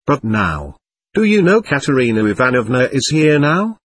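A male narrator doing a middle-aged society lady in an audiobook, nervous and effusive, talking in quick anxious bursts. The voice swings widely in pitch and has a husky edge. It sounds dry and close. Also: big pitch swings, no echo. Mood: gushing.

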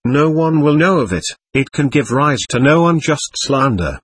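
A man reading as an earnest, gentle young man. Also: on the high side, very animated, moderate pace, husky, no room sound. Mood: pleading. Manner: earnest, pleading.

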